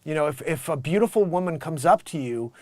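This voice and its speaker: Lively high-voiced man riffing comically. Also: no echo. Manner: animated, mocking, does quick voices in quoted bits. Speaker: host. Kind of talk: casual comedic commentary.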